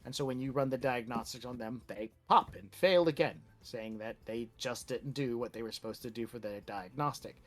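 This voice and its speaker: A man's voice: mid-range voice, normal speed, hardly any pauses. A man narrating a tabletop role-playing game as game master, in a loose, casual way with many fillers.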